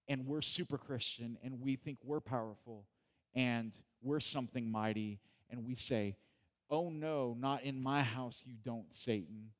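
Man preaching a chatty, joking sermon. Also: medium pitch. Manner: conversational and joking, asks the congregation questions. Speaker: pastor.

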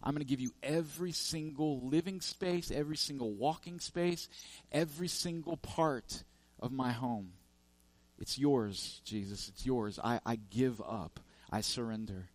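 A man's voice: mid-range voice, measured pace, no echo, close to an everyday voice. A man acting out a desperate homeowner who pleads and cries out for help against the devil, in a sermon parable. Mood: pleading. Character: desperate man battling the devil in his home.

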